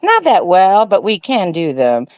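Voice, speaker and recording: A woman's voice: mid-range voice, huge pitch swings, unhurried, darkish tone, no echo. A woman from the northern United States co-hosting a casual panel chat over a video call, playful and giggly. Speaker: co-host. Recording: dull, dry video-call audio.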